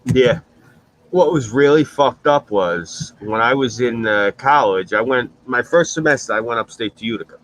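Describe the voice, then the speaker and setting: A man's voice: mid-range voice, normal speed, fairly bright tone, low-quality recording. A man in casual chat, telling blunt, profane stories on a stream.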